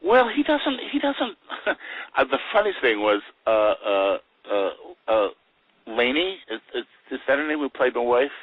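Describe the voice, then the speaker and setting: A man's voice: medium pitch, a little slow, dry recording, phone-quality sound. An older man, a guest actor, telling chuckling anecdotes in a casual interview. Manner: chuckling storyteller with lively voices for quoted people.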